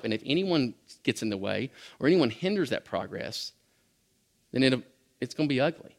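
A man's voice: mid-range voice, big pitch swings, normal speed, gravelly. A middle-aged man preaching a sermon in a conversational way, with frequent restarts and small laughs. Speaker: pastor.

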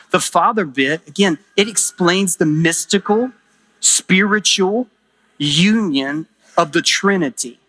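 A man's voice: fairly high pitch, fairly bright tone. A middle-aged man preaching a sermon as pastor, emphatic, with rising exclamations.

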